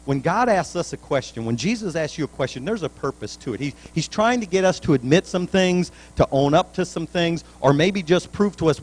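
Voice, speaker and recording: A man's voice: on the high side, animated, a little fast, few pauses, low-quality recording. A male pastor preaching a sermon in a church, in a folksy, plainspoken way with colloquial grammar.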